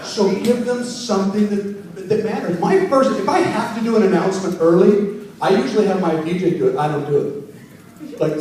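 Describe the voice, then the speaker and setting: A man's voice: high voice, a little fast, crowd noise. A man who works as a wedding emcee, teaching a live workshop and playfully teasing his audience. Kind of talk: live seminar talk to an audience. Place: conference room. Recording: very echoey hall, mic far off.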